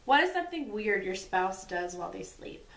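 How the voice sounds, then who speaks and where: A woman's voice: mid-range voice, big pitch swings, moderate pace, creaky, fairly bright tone, distant mic. Giggly chatty woman in an echoey room. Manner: chatty, giggly storyteller, lots of "like". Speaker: vlogger. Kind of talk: casual couple Q&A chat. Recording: echoey room, away from the mic.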